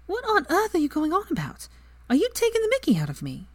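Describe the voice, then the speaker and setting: A stubborn, bookish young witch who protests everything, as a woman reader puts her on. Her voice is pitched well up and swings a lot. It is recorded close and dry. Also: wildly swooping pitch, fast, no room sound, exaggerated voice. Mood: indignant.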